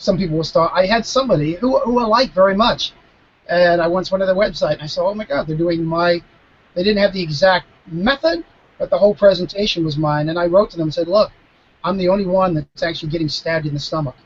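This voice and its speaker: A man in his fifties, a mentalist guest, explaining his craft in a live video Q&A with emphatic, animated storytelling and frequent restarts. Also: high-pitched, fast, muffled recording. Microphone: video call.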